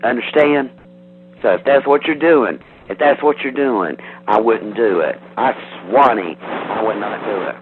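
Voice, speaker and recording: A man's voice: medium pitch, measured pace. Angry man on a phone line. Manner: defensive, threatening, rambling with restarts. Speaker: prank call target. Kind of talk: heated phone call. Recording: tinny phone line, faint hiss.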